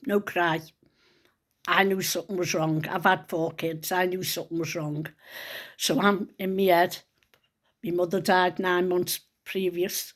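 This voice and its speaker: An older woman tells a personal family story, close to tears and dropping into hushed whispers. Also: lowish voice, steady tone, unhurried. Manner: hushed and tearful at times, drops to whispers. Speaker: grandmother telling a personal story. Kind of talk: emotional spoken storytelling.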